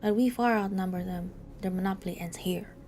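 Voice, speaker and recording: A woman's voice: medium pitch, fairly quick, mellow, a little hiss or hum, lightly acted. A woman voicing a defiant strike leader with a put-on Mexican Spanish accent, reading game dialogue in a firm, commanding way.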